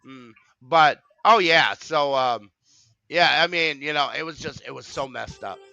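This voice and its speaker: A man's voice: a little high, unhurried, vocal fry, bright, forceful tone, clear, resonant tone, dull audio. A man hosting a casual stream chat, rambling with lots of fillers and restarts. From Wisconsin. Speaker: stream host.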